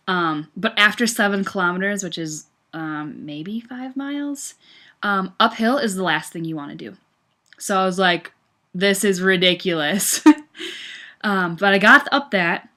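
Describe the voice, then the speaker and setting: A young woman from the United States chatting about her day with animated bursts of excitement. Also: lowish voice. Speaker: vlogger. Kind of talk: casual recap.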